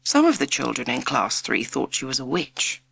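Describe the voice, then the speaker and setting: Expressive woman narrating a children's storybook. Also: a bass voice, normal speed, vocal fry, husky, no echo. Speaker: audiobook narrator.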